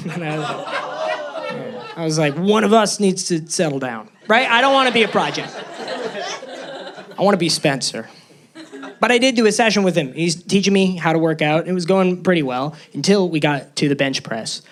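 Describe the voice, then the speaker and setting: A young man performing stand-up comedy on a club stage, nervous and self-deprecating, jumping into squeaky tones for punchlines. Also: a bit bright. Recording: live crowd laughing. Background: audience laughter.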